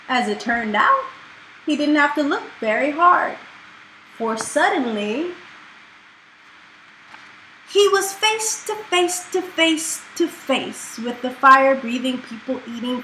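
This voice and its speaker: Brief: expressive female storybook reader, bright voice, echoey home recording. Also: high-pitched. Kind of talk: reading a children's book aloud. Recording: echoey room with faint noise.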